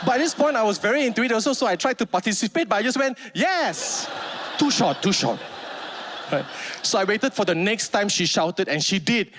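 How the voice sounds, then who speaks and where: A Malaysian man in his thirties doing a stand-up comedy set, animated and acting out the people in his stories. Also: quick pace, few pauses, background noise. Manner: animated, acts out characters with pitch jumps.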